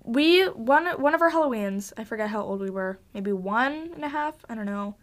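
A woman's voice: a little high, animated, normal speed. A young woman hosting a casual solo podcast from her basement at home, chatting in a bubbly, gushing, rambling way with lots of fillers. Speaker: podcast host.

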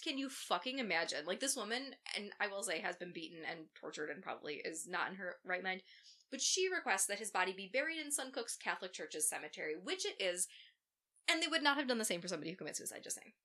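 A woman's voice: medium pitch, very animated, fast, pushed and bright. A woman co-hosting a podcast, telling a true crime case in a casual way with profane, sarcastic asides. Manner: profane, sarcastic asides while recounting facts.

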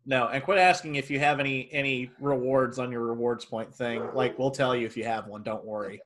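Animated man telling a work story. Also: medium pitch, fairly quick. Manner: animated storyteller who acts out quotes. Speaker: movie theater worker. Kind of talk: casual podcast chat.

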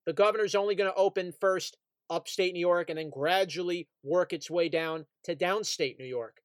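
A man's voice: high voice, moderate pace, clear, resonant tone, no room sound. Upbeat man chatting sports, dry close sound. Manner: reads out news items, laughs easily. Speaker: podcast co-host. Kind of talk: casual sports chat.

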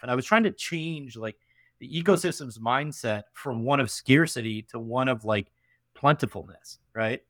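A young man from upstate New York, telling his story as a podcast guest in an emphatic, animated way full of fillers and tag questions. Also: mid-range voice, normal speed, dry recording, studio quality. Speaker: podcast guest, venture investor. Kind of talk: casual interview storytelling.

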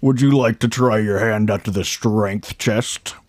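A man voicing a big burly giant who runs a fairground strength game, talking slowly and kindly down to a small player. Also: lowish voice, fairly even intonation, a little mellow, no room sound, clean studio sound, lightly acted. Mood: amused.

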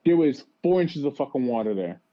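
A man's voice: medium pitch, fairly quick. A man chatting on a podcast, telling travel stories with lots of swearing and restarts. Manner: profane, animated storytelling with many restarts. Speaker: podcast co-host. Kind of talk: casual chat. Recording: dull lo-fi sound.

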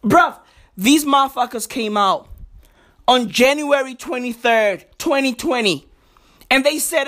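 High, slow-talking man in a profane rant. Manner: shouting, swinging pitch wildly, heavy slang. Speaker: vlogger. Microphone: home recording setup.

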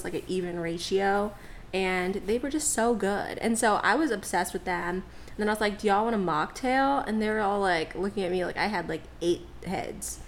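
A woman's voice: mid-range voice, a little hiss or hum. A young woman co-hosting a podcast, telling a story in casual slang and laughing often. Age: young adult. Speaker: podcast co-host. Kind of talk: casual chat.

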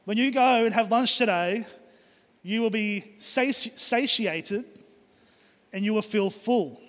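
This is a middle-aged man, a pastor, preaching slowly in a high, fairly bright voice. His sermon leans on forceful, repeated phrases, and the church hall gives it a long reverb.

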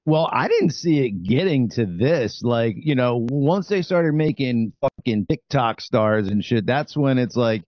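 A man's voice: medium pitch, animated, dry recording. A man co-hosting a loose talk show, cursing freely and cracking jokes. His voice comes through dull and lo-fi, with a dry, close sound and no room around it. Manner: profane, fast and joking. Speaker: podcast co-host. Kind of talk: casual chat.

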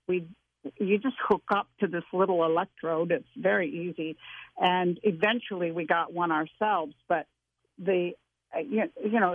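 A woman's voice: fairly low pitch, dry recording. Older woman telling a story on a phone line. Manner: animated, earnest, with frequent restarts. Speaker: guest. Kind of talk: casual storytelling interview. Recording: dry phone-line audio.

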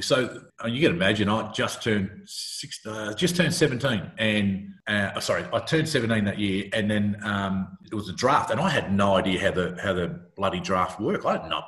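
Low-voiced Australian man telling stories in a roomy space. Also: a little fast. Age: middle-aged. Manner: animated storyteller who acts out quoted voices, restarts often. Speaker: retired footballer guest. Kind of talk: casual interview storytelling. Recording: roomy echo.

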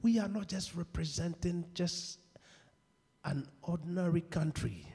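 A man preaching a sermon, asking the congregation questions and shouting at key points, acting out the people in his stories. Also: fairly high pitch, a little slow, vocal fry, slightly rough. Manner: call-and-response questions, shouts at peaks; acts out quoted people in dialogue. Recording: long hall reverb.

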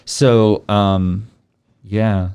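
Man, lowish voice, relaxed host, halting casual chat. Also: creaky, smooth. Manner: relaxed, halting, with many fillers.

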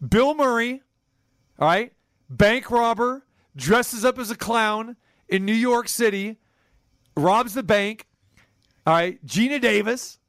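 A middle-aged man hosting a sports radio show, telling a rambling story with animated swings between high and low. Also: slow, long pauses, dry recording, studio quality. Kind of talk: casual sports talk chat.

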